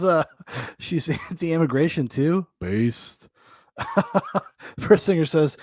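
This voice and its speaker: A man's voice: a little high, lively intonation, slow pace, pauses often, no echo, clean studio sound. A man hosting a podcast, mocking clips in casual, profane commentary with laughing asides. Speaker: podcast host. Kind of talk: casual commentary on videos and chat.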